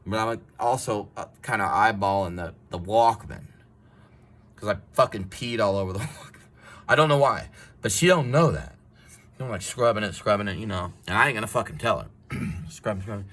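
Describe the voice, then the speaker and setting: A man with a fairly low voice tells a comic personal story. He swears freely and acts scenes out in an animated way, with a loose, casual delivery. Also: normal speed.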